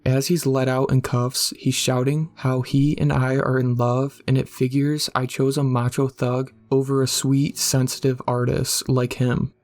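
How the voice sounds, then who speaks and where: In a steady, medium-pitched voice, a man tells a scary story with hardly any rise or fall. The narration is unhurried and scripted, with a dark, mellow tone.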